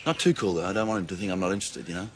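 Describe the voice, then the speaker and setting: An actor playing an easygoing young man, a devoted son who talks in a chatty, gently coaxing way. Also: low-pitched, racing, a little hiss or hum. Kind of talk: film acting.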